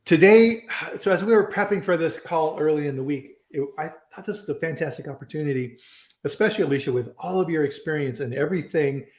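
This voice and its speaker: A man's voice: fairly high pitch, fast, a little mellow. A man hosting a live online chat, talking casually and rambling with restarts and fillers. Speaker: host of a live online food safety chat. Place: home in Colorado. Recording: roomy echo.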